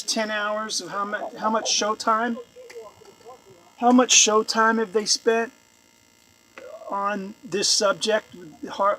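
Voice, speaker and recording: A man's voice: high-pitched, a bit bright, a little hiss or hum. A man commenting on a video with sarcastic, incredulous remarks, often repeating himself, recorded at home. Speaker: YouTube commentator.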